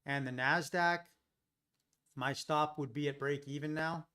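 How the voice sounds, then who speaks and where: A man's voice: on the high side, fairly even intonation, measured pace, pushed and bright. A man hosting a live day-trading stream, thinking aloud through his trades and chatting with viewers. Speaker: day trading livestream host.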